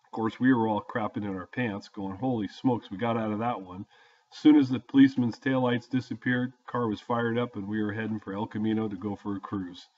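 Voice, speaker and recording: An older man with a fairly low voice tells a story in a folksy, plain-spoken manner, with fillers here and there. The sound is dull and lo-fi. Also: steady tone, a little fast, a little mellow. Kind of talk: casual storytelling. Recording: dull lo-fi audio.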